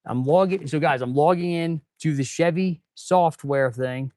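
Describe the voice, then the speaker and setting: A man's voice: fairly high pitch, measured pace, a little mellow, no room sound. Laid-back chatty mechanic guy. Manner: laid-back, chatty, talking to viewers, says "dude" and "man". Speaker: auto mechanic and channel host. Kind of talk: casual live-stream chat while working. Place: auto repair shop.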